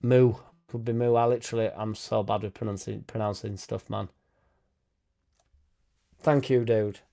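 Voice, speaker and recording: A man's voice: lowish voice, little pitch movement, normal speed, gravelly, warm tone. A young man hosting a football fan live stream, talking in a blunt, sweary, rambling way. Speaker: football fan channel host. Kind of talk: casual live-stream chat.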